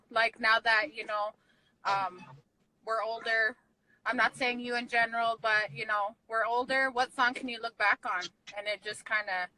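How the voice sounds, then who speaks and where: A woman's voice: fairly high pitch, bright, forceful tone, poor audio. A woman interviewing a rapper in a casual, chatty way, hesitant and full of fillers.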